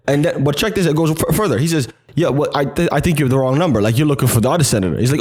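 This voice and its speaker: A man's voice: fairly high pitch, animated, racing, a little mellow, slightly rough. A man co-hosting a casual podcast chat, swearing freely and acting out quotes in put-on voices. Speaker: podcast co-host.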